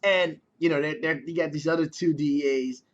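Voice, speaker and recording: A man's voice: a little high, steady tone, fairly quick. A man casually reviewing a TV episode in a chatty way, swearing freely. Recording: dull lo-fi recording.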